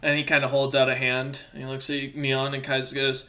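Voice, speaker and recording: A man's voice: medium pitch, monotone, a little fast, few pauses, pushed and bright. A man narrating as game master of a tabletop role-playing game, casual and full of ums and uhs. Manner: casual, many fillers like um and uh.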